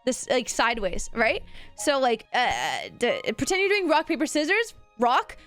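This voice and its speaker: A woman streamer giving a casual, rambling voice acting lesson to her chat, often dropping her voice low to demonstrate. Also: very animated, normal speed, fairly bright tone, faint music behind.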